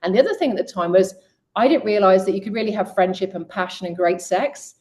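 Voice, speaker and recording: A middle-aged woman in an interview, telling her own story and speaking straight to women listeners. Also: fast talker. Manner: lively storyteller who voices quoted people with raised pitch; direct, addresses women listeners. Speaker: guest coach.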